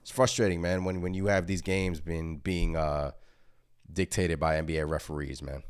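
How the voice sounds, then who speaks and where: A man's voice: deep voice, fairly even intonation, normal speed, clear, resonant tone, no room sound, studio quality. A young man hosting a fan postgame show, ranting in a frustrated, repetitive way and reading out viewer comments. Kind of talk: casual solo postgame rant reading viewer chat.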